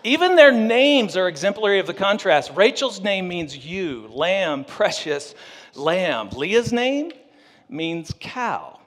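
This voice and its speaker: A pastor telling a story in a humorous sermon, animated and joking with his audience. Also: high voice, slow, big-room sound.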